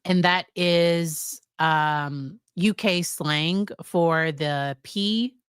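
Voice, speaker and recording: A woman's voice: on the low side, very slow, smooth, no echo, studio quality. An American woman psychologist casually recapping a series, chatty, with fillers and quoted lines. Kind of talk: casual spoken review.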